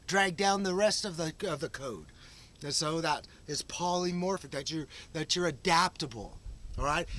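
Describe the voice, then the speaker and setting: High-pitched, bright rambling man. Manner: rambling, with many restarts and fillers. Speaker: vlog host. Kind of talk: unscripted monologue.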